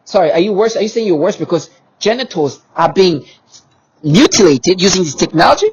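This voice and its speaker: A man with a somewhat high, husky voice delivers an agitated monologue to camera. His pitch swings widely as he presses his points with repetitive rhetorical questions. The audio is dull and lo-fi. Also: expressive, fairly quick. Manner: emphatic and repetitive, with many restarts and rhetorical questions. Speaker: vlogger.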